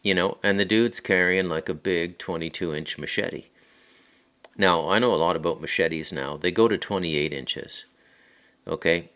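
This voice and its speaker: Speaking into his phone at home in the countryside, a Canadian podcast host and author with a low, deep voice and an Ottawa Valley accent rambles through a story. He digresses onto tangents and keeps restarting his sentences, talking at normal speed with a slightly bright tone.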